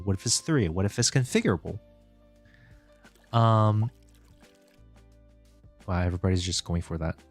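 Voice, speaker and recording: Man, indie game dev live stream, slow easygoing talk, dry close mic, faint chill music behind. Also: mid-range voice, no room sound. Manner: thinks aloud, chats with viewers, chuckles often. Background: soft background music.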